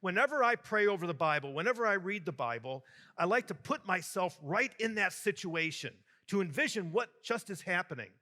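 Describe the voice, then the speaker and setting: Bright-voiced joking bishop preaching. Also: male voice, sits high, a little fast. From Michigan, US. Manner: jokey, animated storyteller addressing a crowd. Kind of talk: homily to a youth conference. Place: large hall with a youth audience.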